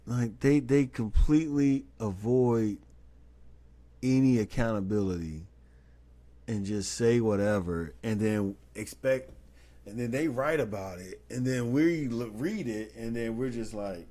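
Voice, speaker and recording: A man's voice: medium pitch, measured pace, dark tone. A man hosting a casual live stream, reading an article aloud and breaking off into incredulous, stammering asides. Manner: frequent stammered restarts. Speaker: host.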